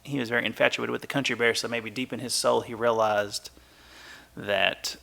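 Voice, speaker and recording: A man's voice: mid-range voice, steady tone, normal speed, vocal fry, bright, forceful tone. A man co-hosting a podcast in casual chat, rambling and laughing as he retells things. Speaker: podcast co-host.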